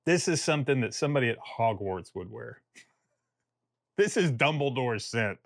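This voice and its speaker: A man's voice: mid-range voice, expressive, normal speed, gravelly, no room sound, clean studio sound. A man giving a casual video review of a fragrance, rambling and joking and often breaking off mid-thought. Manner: rambling, self-interrupting, jokey.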